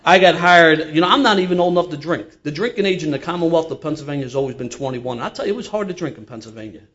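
A man's voice: a little high, quick pace, lo-fi sound. Older Philly man spinning a yarn. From Philadelphia. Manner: animated, laughing through his own tale. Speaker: storyteller guest. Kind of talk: casual storytelling.

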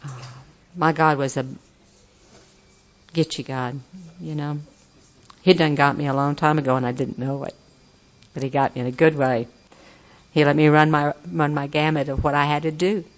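A woman's voice: low-pitched, steady tone, normal speed, long pauses. Folksy older woman, muffled. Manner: earnest, folksy, turns enthusiastic and laughing. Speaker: recovery meeting speaker. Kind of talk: personal testimony talk.

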